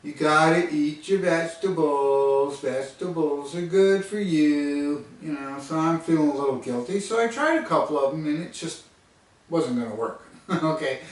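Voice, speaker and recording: Chuckling man telling a tale in an echoey room. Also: on the high side. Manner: chuckling, rambling and self-mocking. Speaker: storyteller. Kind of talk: casual storytelling vlog. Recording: distant mic in a very echoey room.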